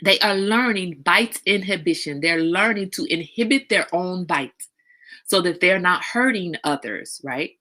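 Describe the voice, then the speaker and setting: A middle-aged woman hosting a casual livestream talk, outspoken and animated, now and then slipping into a high sing-song voice. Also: unhurried. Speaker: host.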